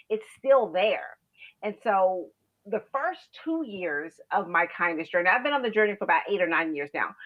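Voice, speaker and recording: A woman speaking as a guest over a video call, telling her story in an earnest, chatty way with frequent "you know"s. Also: lowish voice. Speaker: guest, founder of a kindness initiative. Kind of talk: casual interview monologue. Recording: dull lo-fi video call audio.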